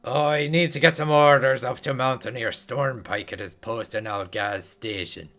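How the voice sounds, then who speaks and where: A man's voice: medium pitch, fairly even intonation, normal speed, fairly bright tone, close to an everyday voice. A man voicing a hearty male dwarf townsfolk quest giver with a put-on dwarf accent.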